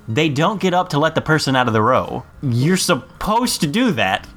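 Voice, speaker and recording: Animated man telling a story. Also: normal speed, soft background music. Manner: animated storyteller, jumps high to mimic people. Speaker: podcast co-host. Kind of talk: casual storytelling chat.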